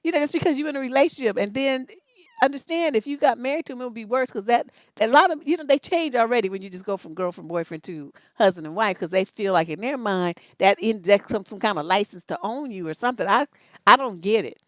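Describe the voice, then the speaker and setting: Woman, relationship coach, sassy and profane, high voice, dry close sound. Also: fast, no room sound. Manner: profane, sassy storytelling with mocking impressions. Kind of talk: blunt sermon-style monologue.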